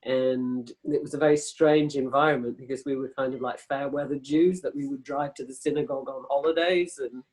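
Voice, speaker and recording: A woman's voice: very deep voice, fairly even intonation, a little fast, hardly any pauses, darkish tone, low-quality recording. A woman in her sixties, a guest speaking casually over a video call, frank and rambling, swearing freely. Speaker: interview guest.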